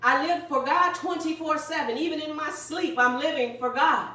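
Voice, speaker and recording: High, bright woman preaching in an echoing church. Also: normal speed. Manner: emphatic, repeats key phrases, exhorts the congregation. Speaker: pastor. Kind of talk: sermon. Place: church sanctuary. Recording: very echoey room, voice far from the mic.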